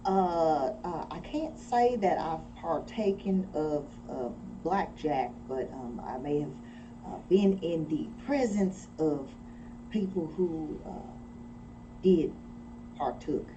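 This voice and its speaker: A woman at a tabletop game who speaks slowly and hesitantly, with a lively rise and fall. She sounds far from her mic, over a clear background hum. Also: low-pitched, highs cut off. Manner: hesitant, giggly, wordy. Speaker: player. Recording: distant mic with noise.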